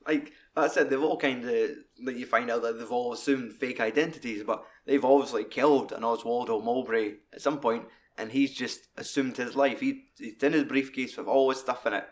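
A man's voice: medium pitch, fairly even intonation, normal speed, few pauses. A man, co-hosting a casual film discussion, rambling and swearing a lot. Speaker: podcast co-host.

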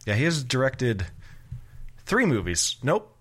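A man's voice: mid-range voice, big pitch swings, measured pace, fairly bright tone, husky. A man co-hosting a casual movie podcast, joking and teasing his co-host.

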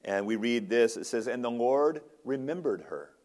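A man's voice: medium pitch, lively intonation, moderate pace, darkish tone. Man preaching an earnest sermon. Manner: earnest expository preaching with repeated restarts. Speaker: ruling elder preaching. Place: church sanctuary.

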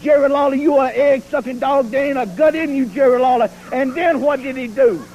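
A man's voice: very high voice, a little fast, darkish tone, dull audio, a little hiss or hum. A man cutting a boastful, taunting wrestling promo in rhyming, preacher-like brags, heard from an archive TV clip. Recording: archive TV clip with cheering crowd.

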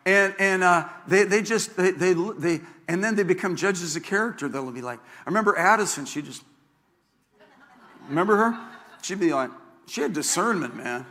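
A man's voice: high-pitched, expressive, normal speed, sharp tone, big-room sound. An older man preaching a sermon as pastor, folksy and joking, often repeating himself. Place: church sanctuary.

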